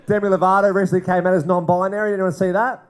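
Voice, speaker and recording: A man's voice: high-pitched, flat delivery, quick pace. A male comedian doing a brash, crude stand-up set, goading the crowd, on a comedy club stage into a handheld mic.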